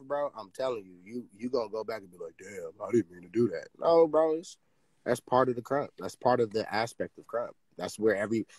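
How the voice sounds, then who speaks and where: A man talking in a casual podcast chat, excitable and swearing freely, his pitch jumping high when he gets worked up. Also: dry recording. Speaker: podcast host.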